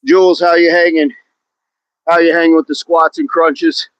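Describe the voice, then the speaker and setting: A man's voice: on the high side, level tone, normal speed, dry recording, muffled recording. A man hosting a live outdoor workout on a hill, exercising as he talks, counting down reps and greeting chat viewers by name. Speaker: fitness livestream host.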